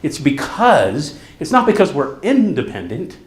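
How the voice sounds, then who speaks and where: The speaker is a middle-aged male therapist at a conference hall, his fairly high voice measured in pace and echoing around the room. He narrates stories with energy, acting out what people said.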